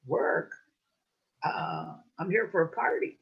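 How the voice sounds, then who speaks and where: Brief: woman voicing a sly, eager male coyote from a folk tale, pitched up and pleading, stumbling over words, lively delivery, muffled lo-fi sound. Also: takes it slowly, breathy edge, full character voice. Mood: dismayed. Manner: pleading, stammering, high and excited.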